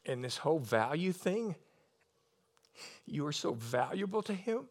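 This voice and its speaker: Man preaching, middle-aged, high voice, passionate and tearful, laughs between lines. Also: big pitch swings, a little slow, a little mellow. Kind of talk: sermon.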